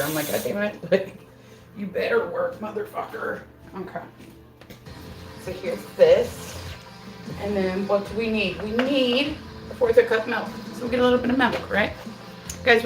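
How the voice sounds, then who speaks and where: A chatty middle-aged woman talks her viewers through her baking on a live stream, laughing easily and dropping casual swears. Her voice bounces around a roomy kitchen and often sounds a step away from the mic. Soft music plays faintly underneath. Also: medium pitch, recorded from a distance. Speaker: livestream host. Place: home kitchen.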